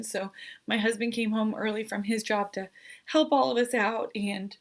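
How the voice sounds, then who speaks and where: A woman's voice: medium pitch, fairly bright tone. A pregnant woman in her thirties giving an earnest, emotional vlog update, hesitant and full of fillers. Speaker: vlogger.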